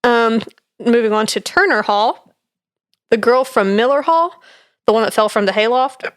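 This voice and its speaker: A woman's voice: a little high, moderate pace, no echo, studio quality. A young woman co-hosting a podcast, reading through her notes in casual chat with fillers and easy laughs. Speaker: podcast co-host presenting research.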